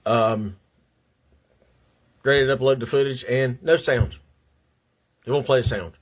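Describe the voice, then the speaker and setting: A man's voice: medium pitch, fairly even intonation, measured pace. Shaky, agitated older man ranting. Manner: agitated, repeats himself, stumbles over words. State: shaky and upset. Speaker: vlogger. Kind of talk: angry personal rant to camera. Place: at home at his computer.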